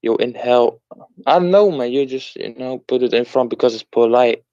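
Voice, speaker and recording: A man calls into a debate and answers hesitantly, defending himself with halting restarts. His voice is of middle pitch. The call audio sounds a little muffled and dry. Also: darkish tone, clear, resonant tone, dry recording. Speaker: caller in a debate. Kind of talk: casual debate.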